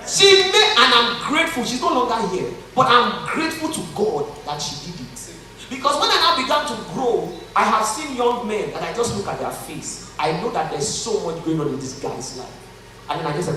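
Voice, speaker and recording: A Nigerian man speaking to a live conference crowd, his high voice swinging widely as he jokes and tells stories. He sounds distant, and the large hall rings with heavy echo. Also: normal speed. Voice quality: animated storyteller, joking and earnest by turns. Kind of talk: motivational talk to a live audience. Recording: echoey hall from far off.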